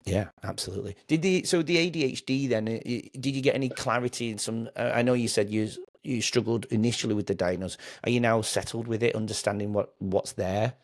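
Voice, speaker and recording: A man hosts a podcast interview with a fairly low voice and quick delivery. The sound is dry and close, and he asks halting questions between short agreeing interjections. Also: dry recording. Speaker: podcast host.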